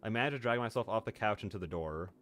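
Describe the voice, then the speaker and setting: Excitable young man streaming a read-aloud. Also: lowish voice, crowd noise. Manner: excitable and goofy, quick laughs, rambling asides. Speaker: streamer reading a visual novel aloud.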